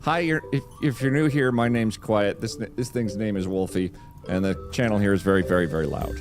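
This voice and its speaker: A man's voice: on the low side, fairly quick, over music. A man streaming a game live, chatting along as he plays, greeting viewers and talking to his cat. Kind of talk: live-streamed gameplay commentary.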